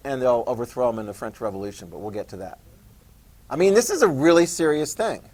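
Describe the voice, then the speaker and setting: A man's voice: mid-range voice, lively intonation, quick pace, noisy background. A man teaching a history class in a joking lecture style, quizzing students and acting out quotes.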